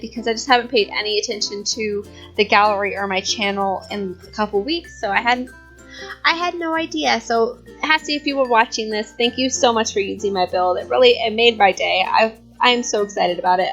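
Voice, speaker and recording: A woman's voice: medium pitch, a bit bright. Chatty young woman, a bit out of breath. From California. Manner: chatty and rambling, with fillers and giggles. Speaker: YouTube host. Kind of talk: casual chat over gameplay.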